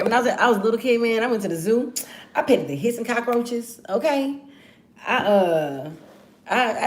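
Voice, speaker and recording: A woman's voice: mid-range voice, a little hiss or hum. A woman of about forty from Texas, talking to camera in a loose, profane, playful ramble as podcast host. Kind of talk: casual monologue to camera.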